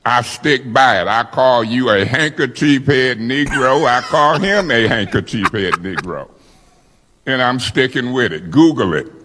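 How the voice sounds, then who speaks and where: A man's voice: medium pitch, expressive, measured pace, background noise. A man in his fifties, a council member, defiantly arguing and hollering over interruptions at a heated meeting. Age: 50s.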